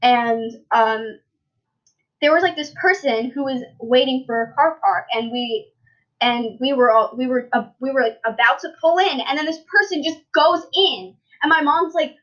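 A woman's voice: high voice, moderate pace, a bit bright. Chatty young woman, lo-fi podcast. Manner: rambling storyteller, many fillers and restarts. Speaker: podcast host. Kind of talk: casual chat. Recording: dull lo-fi sound.

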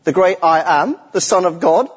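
A man's voice: high-pitched, animated, moderate pace, breathy edge. A middle-aged man preaching a sermon in a church, earnest and emphatic, repeating key phrases for weight. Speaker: lay preacher. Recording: echoey church hall with long reverb.

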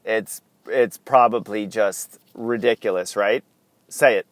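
A man's voice: on the low side, takes it slowly, no room sound. A man hosting a casual solo podcast, rambling, wandering off on tangents and chuckling often. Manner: chuckles often, many fillers. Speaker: podcast host.

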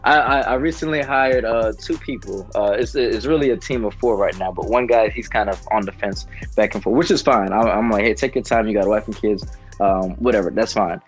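A man's voice: lowish voice, a little fast, soft background music. Earnest man sharing a personal testimony. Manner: earnest, rambling with fillers. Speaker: podcast guest.

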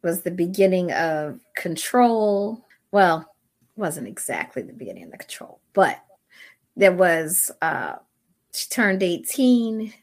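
Wry low-voiced woman co-host. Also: sing-song, takes it slowly. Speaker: podcast co-host. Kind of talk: casual chat about a documentary.

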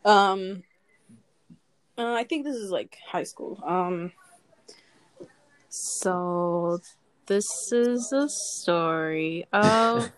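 A woman's voice: mid-range voice, extremely slow, long pauses, clear, resonant tone. A young woman chatting casually, hesitating and laughing, often losing her train of thought. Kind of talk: casual chat.

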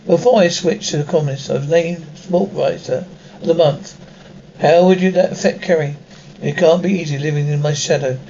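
A man's voice: on the high side, steady tone, moderate pace, warm tone, highs cut off, a little hiss or hum, lightly acted. An actor playing a wisecracking middle-aged father in a sitcom, with a sarcastic, joking manner. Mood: wry. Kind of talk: sitcom acting.

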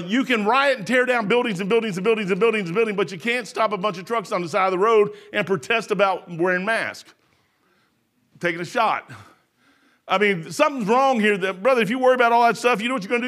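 A man's voice: high voice, a bit bright. A man preaching a sermon in a folksy, rambling way, full of restarts.

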